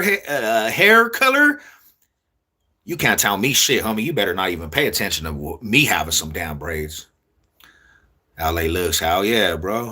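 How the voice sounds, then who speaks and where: A young man talking casually to his viewers in street slang, repeating himself in a loose, drawn-out way. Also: mid-range voice, bright, forceful tone. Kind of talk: casual street talk to camera.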